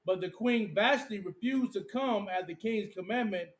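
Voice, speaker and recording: A man in a class reading scripture aloud in a slow, measured way, heard from away from the mic. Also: sits high. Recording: distant from the mic.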